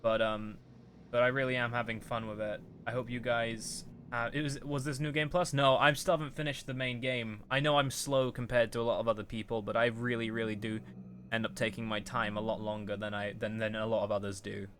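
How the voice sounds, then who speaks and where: A young man commentating his own gameplay live for viewers. He rambles in a casual, chatty way, and his voice leaps up when things get tense. A faint noise sits under the recording. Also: a little fast. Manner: excitable, voice jumps high and loud when tense; rambling, chatty sign-off to chat. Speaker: streamer.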